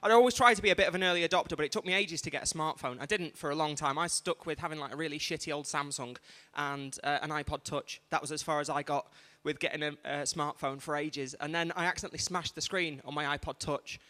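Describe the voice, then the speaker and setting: Male compere, high bright voice, rambling stand-up patter, big reverberant venue. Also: quick pace, few pauses. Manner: rambling, chatty, restarts and asides to the crowd. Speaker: event host and compere. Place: large museum event hall. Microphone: stage microphone. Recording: reverberant hall on live stream.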